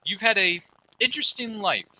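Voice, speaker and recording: A man's voice: high-pitched, expressive, moderate pace, bright, forceful tone, rough recording. A man hosting a casual panel chat, jokey and rambling, going off on tangents. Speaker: podcast host.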